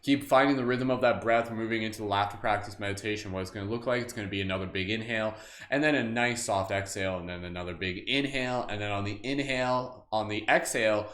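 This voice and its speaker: A man's voice: lowish voice, fast talker, fairly bright tone. A man hosts a live guided group meditation, casual and upbeat, with many fillers and frequent laughs. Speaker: meditation host. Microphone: livestream camera mic. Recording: echoey room.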